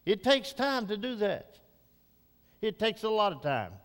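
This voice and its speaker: An older male preacher delivers a sermon in a slightly high voice. He climbs to ringing, emphatic peaks and then eases into quiet, slow reflection. A long reverb from the church hall trails behind every phrase. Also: sing-song. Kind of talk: Father's Day sermon.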